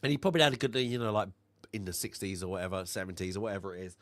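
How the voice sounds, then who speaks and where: A man co-hosting a film review podcast, recapping scenes in a rambling way with many fillers and quick bits of mimicry. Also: sits low, fairly bright tone, no echo. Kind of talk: casual chat.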